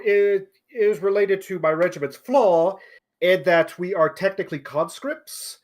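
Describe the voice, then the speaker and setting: A man playing a tabletop game who thinks aloud and hesitates, laying out his character's orders. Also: fairly high pitch. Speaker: player.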